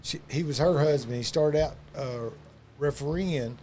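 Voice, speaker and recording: A man's voice: fairly high pitch, measured pace, background noise. A man telling loose, profane wrestling stories in a casual chat, full of fillers and asides. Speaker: wrestling podcast guest.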